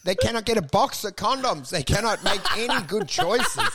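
A man's voice: sits high, lively intonation, normal speed, very noisy. A man co-hosting a podcast, rambling and mock-outraged in casual comedic banter, often laughing. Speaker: podcast co-host.

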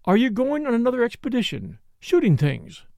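A man voicing a lively young woman with a playful, mocking way of talking. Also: very high-pitched, a little fast, gravelly, dry recording, clean studio sound, voice pushed up, exaggerated voice. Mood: pleading, warm.

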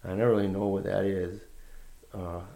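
Gravelly man telling a rambling story. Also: low voice, little pitch movement, normal speed, warm tone. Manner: rambling and laid-back, with many fillers and restarts. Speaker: guest musician. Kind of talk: casual anecdote-telling in conversation.

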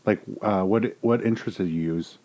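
A man's voice: fairly low pitch, moderate pace, warm tone, muffled recording, a little hiss or hum. A man in a casual podcast chat, mostly adding short questions and reactions.

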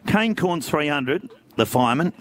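A man's voice: on the high side, expressive, moderate pace. Laughing man hosting a quiz. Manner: playful, laughs often. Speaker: radio quiz host. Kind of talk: jokey radio banter.

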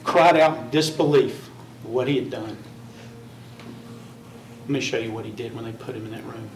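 A man's voice: mid-range voice, fairly even intonation, moderate pace, slight background noise. Man arguing in a courtroom from afar. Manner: forceful, repetitive persuasion. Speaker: defense attorney. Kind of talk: courtroom closing argument. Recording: roomy distant courtroom audio.

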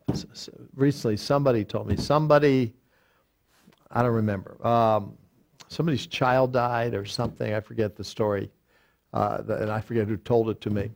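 A man's voice: medium pitch, gravelly. An older man, a pastor, teaching a Bible study verse by verse, quoting reference books aloud and often restarting with fillers. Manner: deliberate, quotes lexicons aloud, frequent fillers and restarts.

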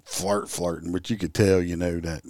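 A man telling police stories in a relaxed, casual chat. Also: low voice, moderate pace, dry recording.

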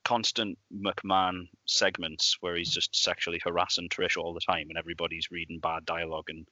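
A man co-hosting a podcast, talking in a casual, animated way with frequent restarts and bursts of laughter. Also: sits low, brisk, dry recording. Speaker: podcast co-host. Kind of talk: casual chat. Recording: dull lo-fi dry sound.

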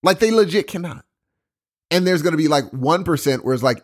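A man co-hosting a podcast in casual chat, excitable and emphatic. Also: on the high side, fairly quick. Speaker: podcast co-host.

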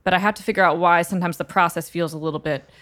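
A woman's voice: fairly low pitch, fairly even intonation, very fast, fairly bright tone. Candid, swearing woman telling stories. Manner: candid, profane, laughs often. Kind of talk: casual chat, storytelling.

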